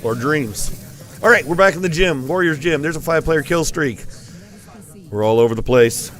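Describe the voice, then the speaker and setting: A man's voice: a little high, normal speed, fairly bright tone, faint music behind. A man giving rambling, playful live commentary on a school esports match. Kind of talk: joking live game commentary.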